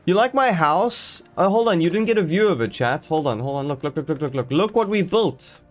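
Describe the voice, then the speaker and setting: A man's voice: on the high side, animated, a little fast, soft background music. A man chatting live to his viewers while playing a game, rambling and joking as he goes, greeting people in chat. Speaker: streamer.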